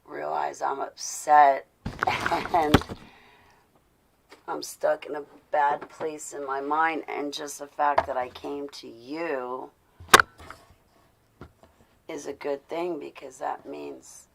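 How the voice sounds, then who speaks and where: A woman speaks to her live-stream audience in a slow, gravelly voice with plenty of fry. Her delivery is intense and confessional, and her pitch stays fairly flat. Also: heavy background noise. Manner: intense, confessional, rising to indignant. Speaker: vlogger speaking to live viewers. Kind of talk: casual live-stream talk.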